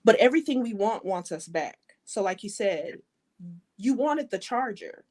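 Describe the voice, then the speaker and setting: A woman's voice: mid-range voice, animated, normal speed, a little mellow. A woman hosting a talk show, speaking with emphatic, faith-based encouragement and greeting viewers. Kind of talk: conversational interview.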